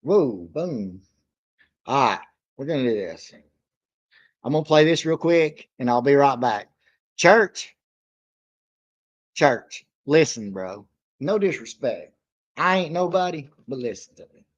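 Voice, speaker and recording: An excitable man hosting a live reaction stream, dropping slang and talking straight to the artist. His voice sits a bit high and swings widely up and down. The stream audio is slightly dull and lo-fi.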